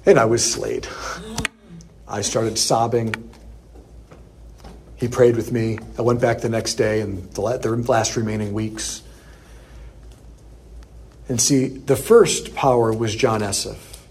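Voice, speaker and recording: A priest preaching a sermon, telling a personal story in an animated way and acting out the quoted lines. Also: male voice, on the low side, slow pace, pauses often, a little hiss or hum.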